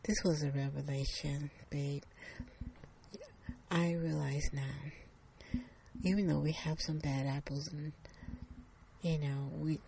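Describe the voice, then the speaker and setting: A woman's voice: low voice, gravelly, mellow, slight background noise, heavily acted. A woman voicing a middle-aged mother who talks earnestly and a bit preachily after a nightmare.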